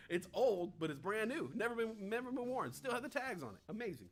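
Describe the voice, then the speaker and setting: A man's voice: high-pitched, big pitch swings, fairly quick. A man in his forties hosting a live stream, chatting casually and rambling through viewer comments while swearing freely. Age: 40s.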